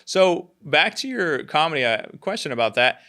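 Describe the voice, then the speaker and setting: A man hosting a podcast interview, easygoing and quick to laugh. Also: fairly high pitch, very animated, bright, forceful tone. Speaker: podcast host.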